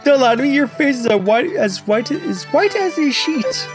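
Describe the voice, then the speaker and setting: Fussy middle-aged father, exasperated, loud raised reading, voiced by a streamer, game music behind. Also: sits high, expressive, normal speed, pitched above the performer's own voice. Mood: worried. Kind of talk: reading game dialogue aloud.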